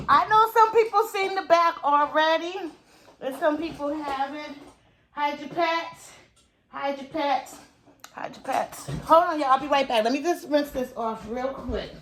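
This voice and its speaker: A woman's voice: high-pitched, normal speed, fairly bright tone, slight background noise. A woman food vlogger chatting casually to her viewers while she cooks in a home kitchen, breaking off into muttered asides as she works. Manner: chatty, talks straight to viewers. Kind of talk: casual cooking and eating vlog.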